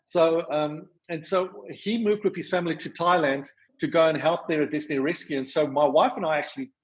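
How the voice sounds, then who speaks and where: A man with a South African accent, explaining his charity's rescue work in a podcast interview, talking fast with many fillers and restarts. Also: a little high, fairly even intonation, highs cut off. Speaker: charity worker.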